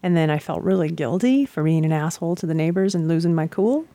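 Lively tinged woman telling a story. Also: low-pitched, fast, no room sound. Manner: animated, acts out quotes, swears freely. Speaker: storyteller in a couple's chat. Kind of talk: casual storytelling chat.

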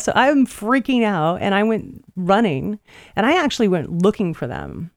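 Animated, profane woman storyteller. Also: mid-range voice, normal speed, no echo, studio quality. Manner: profane, animated, acts out quotes. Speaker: podcast host. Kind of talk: casual storytelling chat.

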